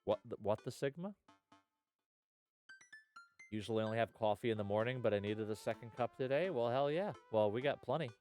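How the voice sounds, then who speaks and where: A man's voice: medium pitch, fairly quick, pauses often, a little mellow, soft background music. A man streaming live, chatting casually and rambling with viewers, dropping lots of "uh" and "hell yeah".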